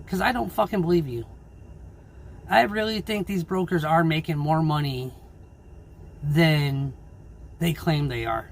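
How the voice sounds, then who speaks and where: Angry swearing trucker ranting. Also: male voice, fairly high pitch, unhurried, creaky, pauses often, a little hiss or hum. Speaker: owner-operator truck driver. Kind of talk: casual vlog rant. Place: in his truck.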